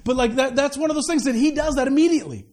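A man with a strikingly high voice delivers a sermon at a church service. He talks to the congregation in a casual, lively way, stumbling into restarts and tossing off quick asides. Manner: conversational and animated, with many restarts and quick asides. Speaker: pastor.

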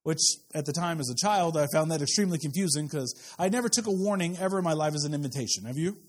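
A man's voice: on the high side, quick pace, slightly rough. A middle-aged man preaching a sermon in a church, talking to the congregation and often repeating words as he restarts. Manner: conversational preaching, frequent word repeats and restarts. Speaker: pastor. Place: church sanctuary with pews.

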